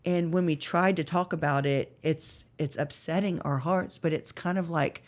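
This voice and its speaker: A woman's voice: low voice, fairly even intonation, normal speed, darkish tone. A woman in her thirties telling an earnest, emotional story of faith and struggle as a podcast guest, with many fillers. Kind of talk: personal faith testimony.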